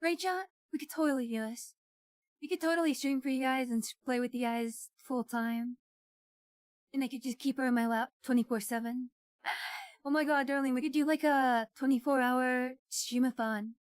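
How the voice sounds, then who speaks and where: A woman co-hosting a live stream in loose, casual chat. Her voice sits high and lively as she teases and calls her partner darling. The sound is dry and close, with no room around it. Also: normal speed, clear, resonant tone, dry recording. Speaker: streamer co-host.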